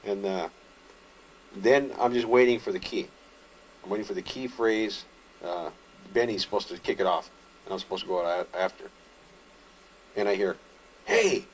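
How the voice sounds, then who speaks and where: A man casually recounting his own story in an interview, rambling with fillers and restarts, animated when telling action. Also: fairly low pitch, moderate pace, pauses often, a little hiss or hum.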